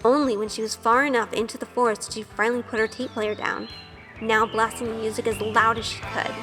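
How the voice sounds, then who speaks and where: Shy young woman narrator, earnest and self-questioning, slightly high voice, reverberant with light music. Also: flat delivery, fairly quick, bright, forceful tone. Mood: self-conscious. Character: shy, nervous young woman, obsessive and curious. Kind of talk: first-person audio drama narration.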